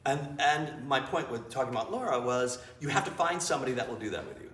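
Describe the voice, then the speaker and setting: A man's voice: mid-range voice, fast talker, distant mic, a little hiss or hum. A man, an improv teacher, telling stories to a live audience in a small theater with blunt, profane candor. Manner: blunt and profane, freely swearing; animated storyteller who acts out scenes. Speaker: improv teacher and interview guest. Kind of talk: candid storytelling before a live audience. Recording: echoey room, voice from afar, faint ambience.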